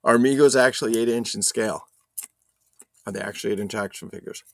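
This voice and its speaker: A low, gravelly male voice runs a loose, joking live stream from his home setup. He swears casually and reads viewers' chat aloud. The sound is dry and close, with no room echo. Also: fairly quick.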